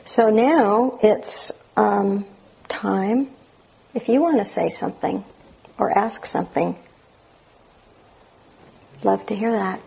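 A woman teaching meditation in a dharma talk, gentle and unhurried with many fillers and restarts. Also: medium pitch, rough recording. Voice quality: gravelly, very husky.

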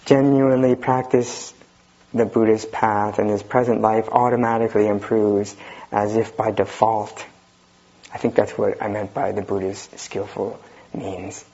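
Husky man giving a wry dharma talk. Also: fairly low pitch, level tone, unhurried, dark tone. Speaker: Zen teacher giving a talk. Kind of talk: dharma talk reading and commenting. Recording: dull lo-fi recording.

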